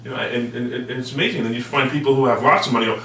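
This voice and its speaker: A man hosting a talk show, agreeable and quick to chime in, sharing his own view on money and happiness. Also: medium pitch, fairly even intonation, bright, forceful tone. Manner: quick backchannel, agreeable, repeats "right". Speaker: show host. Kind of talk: conversational interview. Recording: roomy, distant mic, faint hum.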